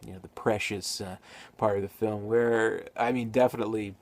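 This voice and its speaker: Man, movie reviewer, casual, rambling, lots of fillers, lowish voice. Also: steady tone, moderate pace. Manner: rambling, many fillers and restarts. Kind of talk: casual spoken film review.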